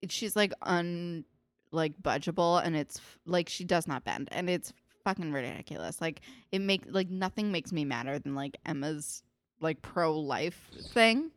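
A woman's voice: deep voice, a little slow, no echo. A woman co-hosting a podcast, giving blunt, opinionated takes in casual chat and swearing freely. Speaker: podcast co-host.

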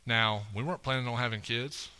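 Bright-voiced man telling a sermon story. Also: mid-range voice, brisk, smooth. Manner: conversational storytelling, often tags lines with "right?". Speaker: preacher at a church. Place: church auditorium stage.

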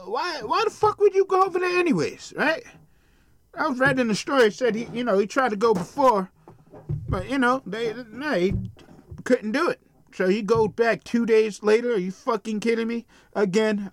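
A podcast host with a high voice rants casually about a news story he's reading, swearing bluntly and tripping over names along the way. The recording is dry.

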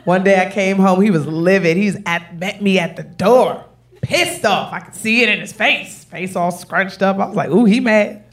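A woman comedian telling a brash, profane, animated story on stage. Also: medium pitch, normal speed. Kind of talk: stand-up storytelling. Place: live comedy show.

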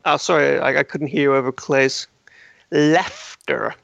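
A man's voice: mid-range voice, fairly even intonation, a little slow, vocal fry, a bit bright, dry recording, muffled recording. A man co-hosting a casual gaming podcast, teasing the others with dry jokes and chuckling at them. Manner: dry jokey teasing, laughs at own jokes. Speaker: podcast co-host.

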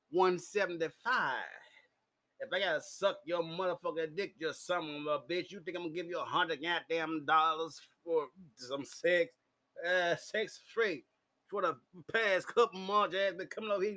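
A tipsy man telling a crude personal story in casual, profane vlog style, laughing often and shouting when he gets heated. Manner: loud, crude and laughing, swings into high shouting. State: drunk. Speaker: vlogger.

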